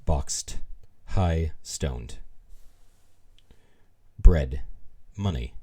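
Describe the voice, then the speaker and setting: A man's voice: rumbling low, lively intonation, takes it slowly, mellow, husky. A man reading glossary entries aloud on a live stream, adding wry, amused asides.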